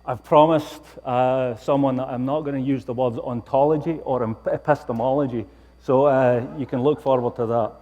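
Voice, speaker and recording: A Scottish man gives a lecture in a wry, self-mocking tone. His voice sits at an ordinary middle pitch. It carries a long reverb from a large hall. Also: steady tone, normal speed, dark tone, muffled recording. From Scotland. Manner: wry, self-deprecating humor. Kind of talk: public lecture.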